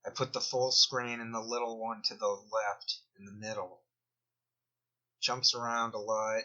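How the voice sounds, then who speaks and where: A man drawls slowly through rambling commentary over a screen recording, often trailing off mid-thought. His low voice has a sharp, tense edge. The recording sounds dull and lo-fi. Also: little pitch movement. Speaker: video commentator.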